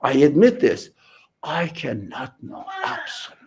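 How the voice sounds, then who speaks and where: Slow, lively gravelly man lecturing. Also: on the high side. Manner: slow, emphatic, repeats key words. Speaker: religion teacher. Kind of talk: lecture to a class.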